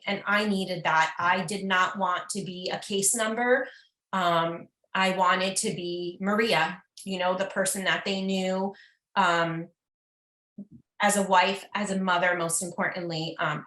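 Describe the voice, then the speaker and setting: A middle-aged woman with a bright, clear voice tells her story as a breast cancer survivor. She speaks earnestly and reflectively, often pausing with "um". The room gives her voice a noticeable echo. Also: mid-range voice. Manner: earnest, reflective, frequent ums. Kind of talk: heartfelt personal account.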